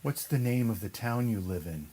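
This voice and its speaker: Man, low voice, ghost-hunt host, slow deliberate spirit questions. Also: animated, warm tone, rough recording. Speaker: paranormal investigator host.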